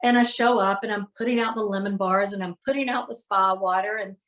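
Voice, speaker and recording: A woman's voice: mid-range voice, fairly even intonation, fairly quick, a bit bright. A middle-aged woman, a healer and podcast guest, candidly retelling a hard personal day with emotion and lots of fillers.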